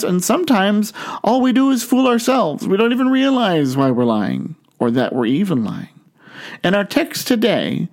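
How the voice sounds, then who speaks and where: A male pastor preaching a sermon in a storytelling manner, slowing down and stretching words for emphasis. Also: high-pitched.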